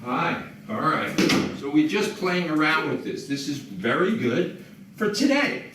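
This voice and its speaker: A calm man teaching dog training, his voice lively and rising and falling as he explains and gives short commands. He sounds set back from the mic in an echoey room, with steady background noise. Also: fairly high pitch, unhurried, distant mic. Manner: calm, explains while giving commands to dogs. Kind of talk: instructional demonstration. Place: indoors at a house.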